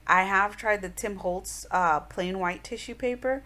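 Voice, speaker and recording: A woman's voice: fairly low pitch, measured pace, hardly any pauses, a bit bright. A woman in her thirties, chatting through an art journal tutorial in a rambling, casual voice-over with many fillers.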